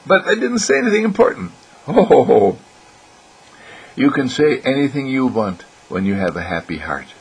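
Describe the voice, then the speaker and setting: Older man, gravelly, husky, lively pitch swings, motivational talk. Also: normal speed, poor audio. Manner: animated, playful, acts out other voices. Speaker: motivational speaker. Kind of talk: inspirational monologue.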